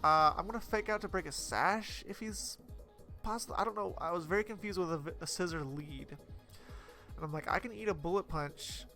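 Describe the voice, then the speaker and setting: Young man, gameplay commentary, bright forceful voice, slightly high pitch, rambling, lots of fillers. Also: normal speed, soft background music. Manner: chatty and rambling, with frequent fillers and self-corrections. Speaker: competitive Pokemon player commentating his battle.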